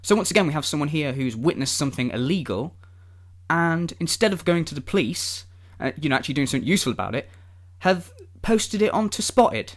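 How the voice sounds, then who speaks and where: A man's voice: fairly high pitch, animated, brisk. A man ranting in a vlog, sarcastic and exasperated, swearing often. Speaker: vlogger.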